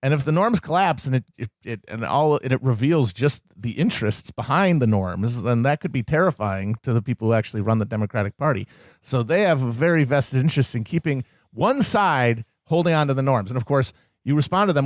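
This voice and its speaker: A man co-hosting a podcast, arguing political points in quick, profane explanations. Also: mid-range voice, expressive, dry recording, studio quality. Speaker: podcast co-host. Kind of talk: casual political banter.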